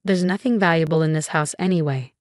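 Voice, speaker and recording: A snappish, bossy mother-in-law grumbles and gives orders as a woman narrator reads her part. The voice sits a little low and sounds dry and close. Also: quick pace, no echo, close to an everyday voice. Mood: grumbling. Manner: snappish, complaining.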